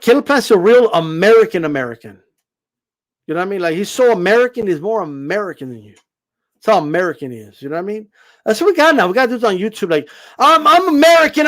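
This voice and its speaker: A man hosting a boxing channel, ranting to camera in a sarcastic, profane, mocking way. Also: high-pitched. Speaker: boxing YouTuber. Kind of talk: casual rant to camera.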